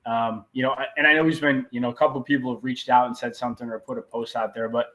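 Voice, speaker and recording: A man's voice: mid-range voice, little pitch movement, quick pace, sharp tone. A man chatting casually as a podcast guest, laid-back and enthusiastic. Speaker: podcast guest, racer and shop owner. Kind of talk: casual chat.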